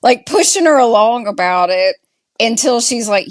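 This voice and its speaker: She has a Southern US accent and a highish, expressive voice, heard in a dry recording. As a podcast co-host doing a casual TV recap, she chats slowly and peppers her speech with "like."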